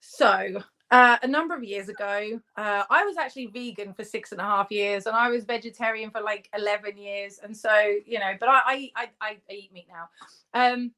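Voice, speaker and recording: Brief: woman from the UK as an interview guest, mid-pitched, chatty, laughs through her stories. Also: moderate pace, bright, forceful tone. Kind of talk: casual interview storytelling.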